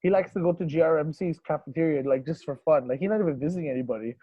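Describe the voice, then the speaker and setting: A man's voice: fairly high pitch, very fast, dull audio, over a noisy crowd. A man co-hosting a podcast, chatting in an easygoing way and laughing often. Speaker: radio podcast co-host. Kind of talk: casual chat.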